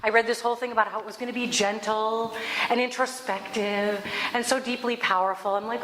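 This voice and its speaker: A woman host giving a spiritual reflection talk, telling stories in an animated way with laughter. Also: a little high, brisk. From Alaska. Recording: echoey room, faint background noise.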